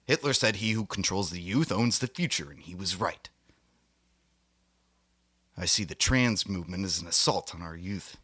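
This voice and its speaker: A man hosting a satirical monologue, speaking with a mock-serious, grandiose air and slipping into theatrical asides. His voice sits low, yet the tone is bright and forceful. The sound is dry and close, with no room around it. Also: dry recording. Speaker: host.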